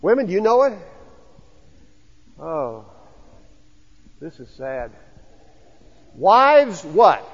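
Male pastor, high and husky, preaching in a church with long reverb; chatty, questions the room. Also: very animated, slow pace, pauses often, muffled recording. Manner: conversational, asks the congregation questions. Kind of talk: sermon. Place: church sanctuary.

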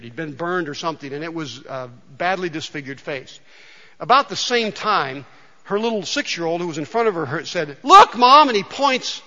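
A male pastor preaching a sermon in a conversational, storytelling way, often dropping soft and quiet. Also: on the high side. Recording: dull sound with long hall reverb.

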